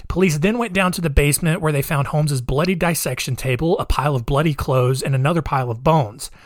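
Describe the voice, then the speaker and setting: A man's voice: a little high, fast talker, dry recording. A man casually retelling a true-crime story, hesitant and wry, with many restarts. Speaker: podcast storyteller.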